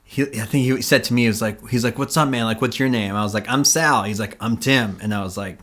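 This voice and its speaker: Bright-voiced man telling a rambling story. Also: mid-range voice, fast talker. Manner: rambling, many fillers, acts out quotes. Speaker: podcast host. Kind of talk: casual storytelling chat.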